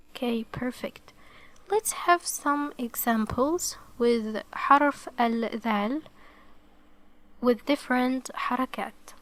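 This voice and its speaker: A woman's voice: on the high side, fairly bright tone, no room sound. A woman teaching the Arabic alphabet to beginners, explaining each step patiently and checking in with "okay". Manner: slow and careful.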